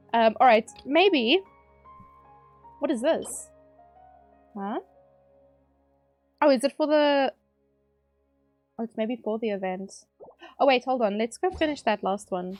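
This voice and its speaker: A woman's voice: fairly high pitch, measured pace, long pauses, a little mellow, soft background music. A woman streamer chatting casually while she plays, talking loosely with lots of fillers and frequent laughter. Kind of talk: casual chat while gaming.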